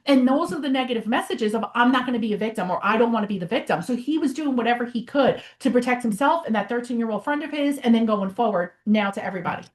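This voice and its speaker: A middle-aged woman talks as a guest therapist, her voice sitting notably high. She tells stories with energy and acts out what people said. The tone is casual and conversational. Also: fast, hardly any pauses. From Brooklyn, New York. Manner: animated storytelling, acts out quoted dialogue. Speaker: psychotherapist guest.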